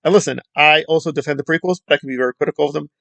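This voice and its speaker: A man's voice: a little high, rapid-fire, gravelly, a bit bright, no echo. A man giving a ranting film commentary in a heated, rambling, sarcastic way.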